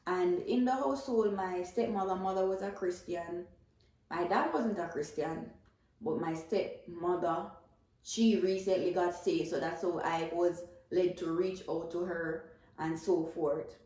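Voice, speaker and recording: A woman's voice: on the low side, measured pace, a little mellow. Woman, Jamaican accent, faith testimony, earnest and emotional, repeats words, very echoey room. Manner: earnest, emotional storytelling with repetitions. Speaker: testifying believer.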